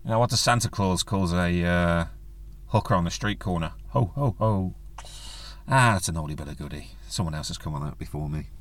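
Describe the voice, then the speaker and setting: With a deep, fairly bright voice and a quick pace, a man hosts a solo podcast and goes off on a casual rant. He's blunt and crude, joking around and swearing plenty.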